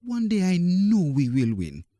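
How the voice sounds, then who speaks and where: A man's voice: high voice, wildly swooping pitch, unhurried, dark tone, no echo, clean studio sound, pitched above the performer's own voice, exaggerated voice. A man reading a storybook aloud and voicing a young schoolboy who captains his house, earnest and downcast.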